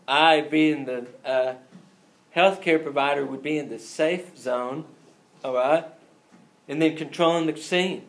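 Guy teaching emt class, jokey, acts stuff out, slightly high voice, echoey classroom. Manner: joking, acts out scenes with voices. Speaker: EMT instructor. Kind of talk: classroom lecture.

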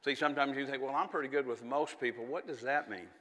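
A man's voice: mid-range voice, fast talker, pushed and bright, big-room sound. A man preaching a sermon in a folksy, conversational way, with chatty asides and little laughs.

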